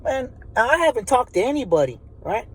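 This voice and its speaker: A man tells a story in loose, everyday talk, swearing freely and circling back on his words. His voice sits fairly high for a man. He rambles, restarts and keeps checking in with the listener. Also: big pitch swings, normal speed, breathy edge, poor audio. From Texas. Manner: profane, rambling, many restarts. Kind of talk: casual spoken storytelling.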